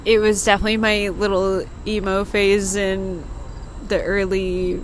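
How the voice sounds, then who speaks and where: A woman's voice: mid-range voice, flat delivery, unhurried, slight background noise, low-quality recording. A woman in her twenties, a podcast guest, recalling old times with a laugh and a teasing manner, recorded outdoors on a porch. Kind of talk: casual chat.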